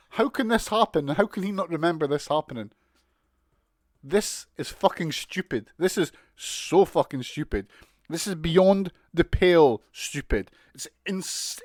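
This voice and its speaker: A man's voice: fairly high pitch, expressive, measured pace, dry recording, studio quality. A man with a British accent giving a casual, sweary, mocking recap of a wrestling show. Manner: sweary, mocking, exasperated ranting with laughs.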